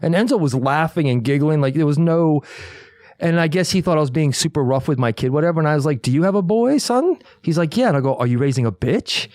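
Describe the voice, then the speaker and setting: A man's voice: fairly high pitch, fast, no room sound. Young podcast guy telling a story, does all the voices, swears a lot, dry close sound. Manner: animated storyteller acting out quotes, swears freely. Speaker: podcast co-host. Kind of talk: casual chat, storytelling.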